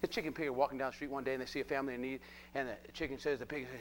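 A man preaching a live sermon, animated and jokey, constantly prodding his listeners with rhetorical questions. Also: mid-range voice, very fast, a little hiss or hum.

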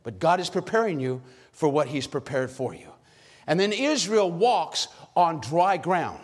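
A man preaching a sermon with lots of energy, calling out questions to the congregation and shouting at high points. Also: expressive, unhurried, husky. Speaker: pastor. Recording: long hall reverb.

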